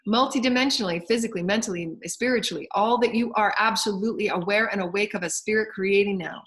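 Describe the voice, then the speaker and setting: Woman, spiritual speaker, fervent and repetitive, mid-pitched voice, drops soft for emphasis. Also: fast talker. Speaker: spiritual channel. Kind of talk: inspirational spiritual address.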